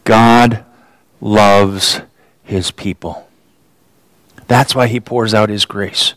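A man preaching a sermon, building emphasis with sudden rises in pitch and repeating words as he restarts his phrases. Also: steady tone, very slow, long pauses, a bit bright, no echo, rough recording.

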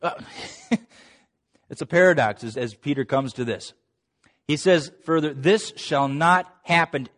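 A middle-aged man preaching a sermon, lively and dramatic, acting out quoted lines with big rises and falls in his voice. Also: unhurried. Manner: animated, acts out quoted voices with big pitch swings.

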